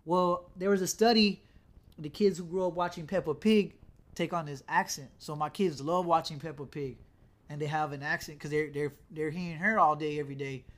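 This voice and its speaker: A laid-back man hosts a loose podcast chat, talking in a fairly high voice. He rambles and swears freely, stringing thoughts together with "like.". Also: steady tone, moderate pace. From South Texas. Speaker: podcast host. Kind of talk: casual chat.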